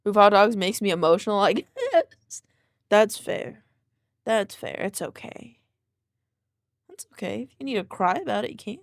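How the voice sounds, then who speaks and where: Laid-back young woman streamer, drowsy chatter and soft rep counting, mid voice, dry. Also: mid-range voice, big pitch swings, normal speed, pauses often, no room sound. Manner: sleepy, laid-back, chatting while counting exercise reps. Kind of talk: casual chat with live chat.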